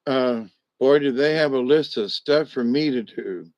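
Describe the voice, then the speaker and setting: An older man chatting casually to his viewers, drowsy and a little medicated after a hospital stay, meandering and halting with many restarts. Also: mid-range voice, darkish tone, no echo. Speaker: vlogger talking to live chat. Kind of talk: rambling casual chat to viewers. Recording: dry, dull lo-fi home recording.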